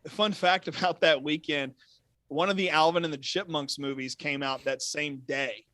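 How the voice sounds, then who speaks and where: A man from Texas as guest on a casual fan chat, talking in an animated, storytelling way. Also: fairly high pitch, moderate pace, no room sound. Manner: animated storyteller, does mock voices.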